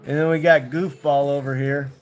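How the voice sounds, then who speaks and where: A man's voice: mid-range voice, level tone, moderate pace, faint music behind. An American man on a casual livestream, talking in a laid-back way to his dogs and to viewers in the chat. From United States. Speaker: vlogger.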